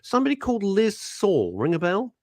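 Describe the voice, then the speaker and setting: Give me a man hosting radio, chatty and teasing, with a very animated pitch. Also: a little fast, no echo, studio quality. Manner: playful, teasing, laughs often, reads out messages in put-on voices. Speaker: radio host. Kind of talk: casual radio chat. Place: radio studio.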